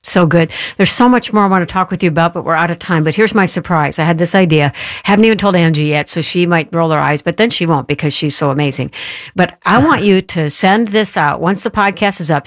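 A woman hosting a faith podcast, speaking earnestly and encouragingly with quick asides. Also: lowish voice, no room sound, clean studio sound. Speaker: radio podcast host.

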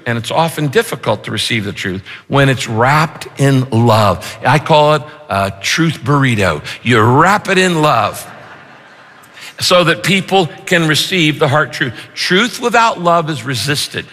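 A male pastor delivers a sermon with a lively voice that swings up and down. His tone is bright and on the higher side. A long reverb rings around him from a large church hall. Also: a little slow. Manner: animated, punchy rhyming lines.

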